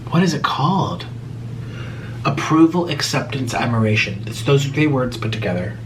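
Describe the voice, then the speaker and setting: A man's voice: mid-range voice, expressive, normal speed, a little hiss or hum. A young man hosting a casual vlog Q and A, talking straight to camera with dramatic swings between exasperation and mockery. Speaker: YouTuber hosting a Q and A.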